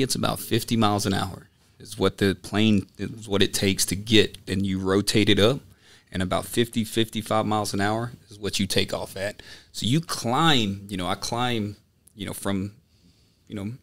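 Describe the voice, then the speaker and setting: Man, lowish voice, casual podcast guest, animated storyteller, lots of fillers. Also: moderate pace, vocal fry. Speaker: podcast guest, student pilot. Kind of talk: casual chat.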